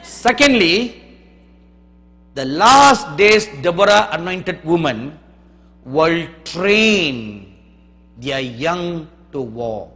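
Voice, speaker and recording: A man's voice: on the high side, big pitch swings, very slow, long pauses. Emphatic preacher man in echoing hall. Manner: emphatic, swings from hushed storytelling to loud declarations. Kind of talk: sermon. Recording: long hall reverb.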